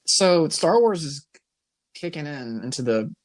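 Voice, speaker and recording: Animated young man, bouncing pitch. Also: a little slow. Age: young adult. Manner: animated, laughs often, acts out silly voices. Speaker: podcast co-host. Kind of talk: casual comedic chat.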